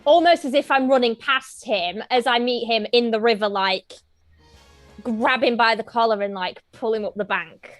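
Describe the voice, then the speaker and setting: A woman's voice: fairly high pitch, normal speed, no room sound, faint music behind. A woman playing a tabletop game and chatting casually and playfully. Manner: playful, laughing asides. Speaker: player.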